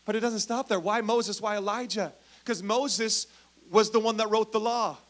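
Guy preaching a sermon, kinda high voice, storytelling, goes big then hushed, talks right to the crowd. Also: normal speed. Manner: animated storytelling, swings from loud emphasis to hushed; addresses congregation directly. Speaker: pastor.

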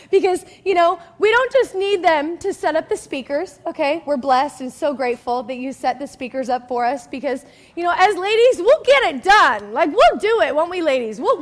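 A woman's voice: very high-pitched, fairly bright tone. A woman pastor giving a chatty, emphatic sermon, often checking in with the crowd and acting out little scenes. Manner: acts out quoted people in story.

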